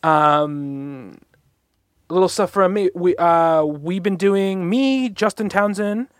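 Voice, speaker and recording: Rambling podcast host, dry sound. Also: male voice, high-pitched, slow, smooth, no echo. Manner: rambling, many fillers and restarts. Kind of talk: casual chat.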